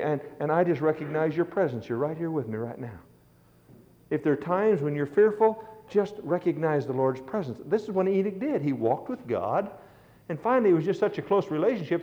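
A man's voice: fairly high pitch, expressive, a little fast. A middle-aged man preaching a sermon, telling stories with earnest, rising emphasis. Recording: dull lo-fi recording.

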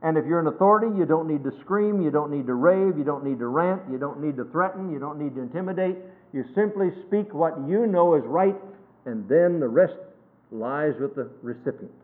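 A man preaching a sermon, emphatic, swinging between loud stresses and hushed phrases and quoting scripture in a measured cadence. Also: a little high, animated. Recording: tinny phone-like sermon recording.

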